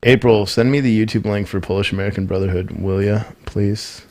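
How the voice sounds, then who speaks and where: A man's voice: on the low side, steady tone, fairly quick, a little mellow. A man streaming a shooter game, chatting casually and trading slangy banter with teammates and viewers. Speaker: streamer playing an online shooter. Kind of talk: casual gameplay chat.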